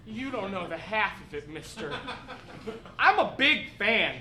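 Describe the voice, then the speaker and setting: Starstruck young male fan played by a woman, slow, lively high voice, earnest; roomy live recording with laughter. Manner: gushing, earnest, wailing when hurt. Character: eager starstruck young male superfan Matt. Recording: echoey room, laughing audience.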